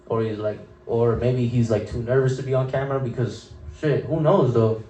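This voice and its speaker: A young man hosts a casual podcast and rambles through his stories in loose slang, restarting his sentences. His voice is dark and mellow. He sits back from the mic in a roomy, echoing space. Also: medium pitch, fairly even intonation, moderate pace, distant mic. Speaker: podcast host.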